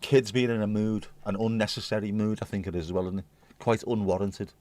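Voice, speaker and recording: A man's voice: lowish voice, steady tone, a little fast, mellow. A man hosting a livestream, chatting to viewers in a rambling, jokey way and swearing casually. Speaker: livestream host.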